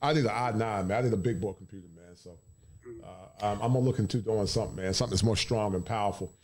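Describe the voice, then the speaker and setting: A man's voice: lowish voice, very fast, a little mellow. A man hosting his own channel's livestream, laid-back and casual, often tagging lines with "man". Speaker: YouTube channel host.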